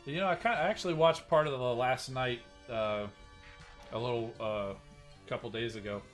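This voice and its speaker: A male streamer talking loosely to his viewers in a mid-range voice, wandering off on tangents and restarting his sentences. Quiet music sits faintly underneath. He sounds relaxed and unscripted. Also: medium pitch, normal speed. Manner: rambling, with many restarts and asides to chat. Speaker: game streamer and host. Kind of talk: casual live-stream chat.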